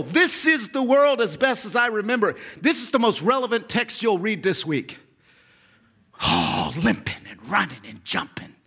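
A husky-voiced man in his forties delivering a sermon, his pitch leaping high and dropping low with lively sweep. He is a pastor who jumps between loud, excited bursts and near-whispers, and his voice sits a little higher than most men's. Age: 40s. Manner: animated, swings from shouting to hushed whispers.

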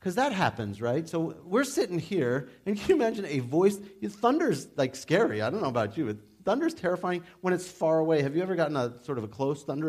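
A man preaching a sermon in a conversational, animated way, with humorous asides. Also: mid-range voice, fairly quick. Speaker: pastor.

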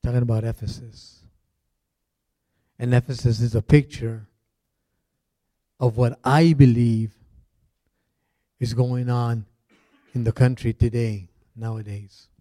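A middle-aged pastor with a warm, mellow voice, preaching casually from the pulpit. He rambles through asides and fillers. The sound is dry and close, with no room echo. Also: mid-range voice, steady tone, slow pace, long pauses. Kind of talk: conversational sermon.

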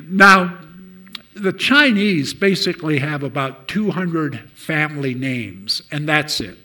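A man preaching a sermon, telling a story and loudly acting out the lines of the people in it. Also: on the high side, animated, slow, slight background noise. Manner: storytelling, shouts out acted quotes.

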